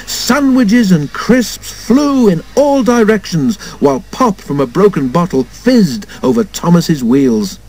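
A man reading a children's storybook aloud in an expressive way, doing all the character voices himself. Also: high voice, slow, few pauses, rough recording. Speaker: storybook narrator.

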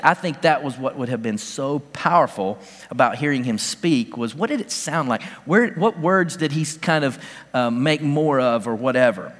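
A male pastor preaching a casual, conversational sermon, his voice jumping upward in emphatic bursts. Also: mid-range voice. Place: church sanctuary. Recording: church hall reverb.

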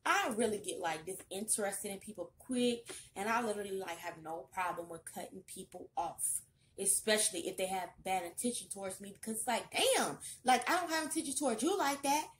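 A young woman giving a casual tarot reading, chatty and sassy with loud bursts of excitement. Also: mid-range voice, brisk, a little hiss or hum. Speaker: tarot reader.

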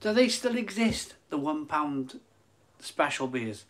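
A man's slightly high voice comes through slowly over background noise as he hosts a casual live stream on his phone. Excited hyping gives way to a soft, emotional tone, and he repeats phrases and fumbles words.

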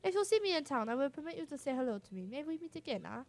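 A woman's voice: high-pitched, very animated, very fast, darkish tone, pitched above the performer's own voice. A woman voicing a vain, boastful adult male showman with a put-on Spanish-flavored accent, speaking grandly and theatrically.

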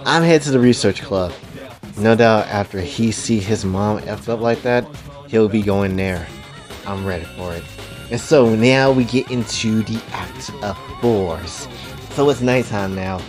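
A man casually narrating a self-insert story, rambling in laid-back crude slang. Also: fairly low pitch.

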